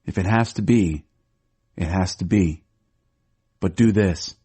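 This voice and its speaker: A man's voice: low voice, slow pace, dark tone, slightly rough, exaggerated voice. A man reading as a grieving old father. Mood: sorrowful. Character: grieving aged father, weary and stubborn.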